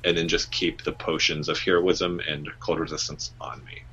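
A man at a tabletop game speaks haltingly, stopping often. His voice is very low and husky. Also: little pitch movement, a bit bright, lo-fi sound. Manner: hesitant, halting. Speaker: player. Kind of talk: casual tabletop play.

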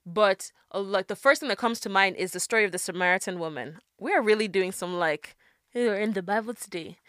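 A woman's voice: mid-range voice, brisk, a bit bright, dry recording, studio quality. A woman co-hosting a casual podcast, speaking earnestly about faith. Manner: earnest, preachy, emphatic. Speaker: podcast co-host. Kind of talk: casual chat.

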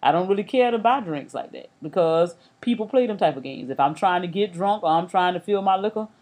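A woman's voice: fairly low pitch, animated, fairly quick, a little mellow. Woman, podcast co-host, matter-of-fact and opinionated, casual chat.

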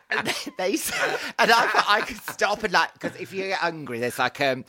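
Lively, teasing man. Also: high voice, moderate pace, few pauses, noisy background. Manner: jokey, teasing, lots of laughter. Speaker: podcast co-host. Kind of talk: casual chat.

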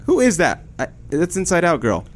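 A man's voice: a little high, huge pitch swings, normal speed. A young man co-hosting a stream in casual banter, playful and giggly. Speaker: stream co-host.

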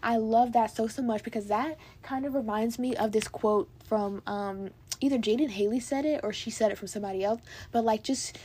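Young American woman, bubbly solo podcast host, slightly high and husky, mellow tone. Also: a little fast, hardly any pauses. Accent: General American. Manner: bubbly, gushing, lots of "like" and "literally". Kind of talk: casual solo podcast chat.

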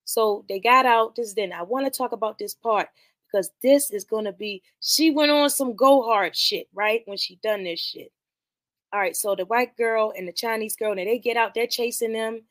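A woman hosting a podcast, casually retelling and reviewing a film in animated, slangy speech full of profanity. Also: on the high side, moderate pace, no echo. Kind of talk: casual movie commentary.

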